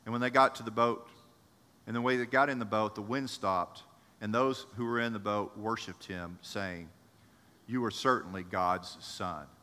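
A man preaching a sermon as pastor, animated, acting out the voices of people in the story. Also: on the low side, normal speed, in a large hall.

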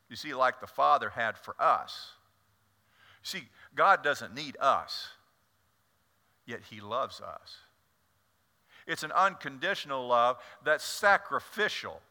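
Guy preaching in church, bright sharp voice, keeps repeating words as he goes, long echo off the sanctuary. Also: on the high side, measured pace. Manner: animated storytelling with frequent stammered repeats. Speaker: pastor. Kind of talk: sermon.

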